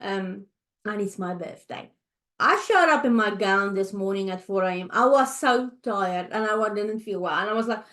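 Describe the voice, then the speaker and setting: A middle-aged woman hosting a podcast, talking in a heartfelt, halting way, tired and close to tears. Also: medium pitch. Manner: heartfelt, halting, with restarts and soft fillers. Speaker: podcast host. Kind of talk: emotional personal monologue. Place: home, early morning.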